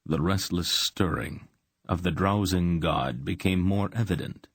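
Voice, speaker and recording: A man narrates a fantasy novel with steady, unhurried reading. His voice is deep and husky and moves slowly. It is recorded dry and close. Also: dry recording. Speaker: audiobook narrator. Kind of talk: scripted narration.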